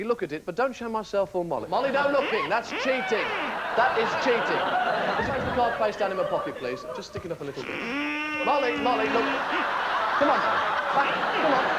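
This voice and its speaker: A man's voice: very high-pitched, muffled recording. A young man, doing live comedy patter on stage while scolding and coaxing a puppet partner. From West Midlands, England. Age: 20s. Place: TV studio stage before an audience. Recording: loud noisy broadcast with clicks.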